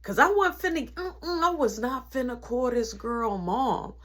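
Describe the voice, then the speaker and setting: A woman's voice: on the high side, unhurried. A woman vlogger retelling a family story in slangy casual speech, acting out the people in it. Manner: slangy, animated, acts out quotes.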